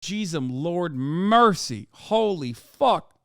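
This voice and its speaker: Streamer man, sweary live reactions, smooth, dry sound. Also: sits high, animated, slow pace, fairly bright tone, no echo. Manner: profane, incredulous outbursts. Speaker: livestream host.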